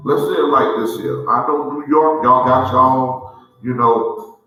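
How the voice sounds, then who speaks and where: A man's voice: mid-range voice, a little slow, bright, forceful tone, faint music behind. A man hosting a cigar show, talking in a casual heartfelt way and rambling, often repeating himself as he restarts his thoughts. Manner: rambling, repeats "let me say it like this here". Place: large indoor room in a historic building. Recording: very echoey room.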